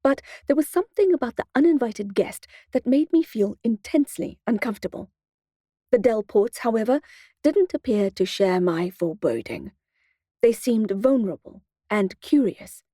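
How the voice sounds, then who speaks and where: A woman's voice: mid-range voice, very animated, normal speed, dark tone, no room sound. A woman narrating an urban fantasy audiobook in the first person, in a wry, dry storytelling manner.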